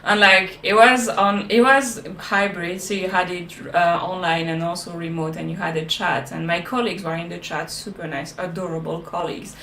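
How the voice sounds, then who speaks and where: A woman's voice: lowish voice, steady tone, moderate pace, hardly any pauses, pushed and bright, roomy sound, distant mic, a little hiss or hum. A woman from France with a French accent, a guest telling candid stories in casual chat.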